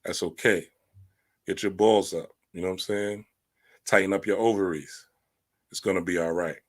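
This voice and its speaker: Blunt, preachy man with a low voice. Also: fairly even intonation, normal speed. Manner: blunt, preachy, slangy asides, rising emphasis. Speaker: spiritual teacher. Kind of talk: livestream talk reading and commenting.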